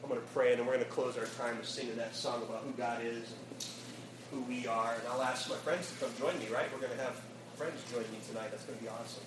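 A man, a youth pastor, telling a lively story in a sermon and acting out the voices, laughing as he goes, then closing in prayer. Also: mid-range voice, fairly quick. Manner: animated storyteller, acts out quotes, laughs often. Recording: echoey room, distant mic, audible noise.

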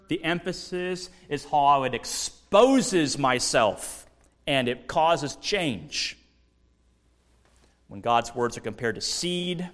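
A male pastor preaching a sermon, teaching deliberately and putting questions to the congregation. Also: mid-range voice, fairly bright tone, big-room sound.

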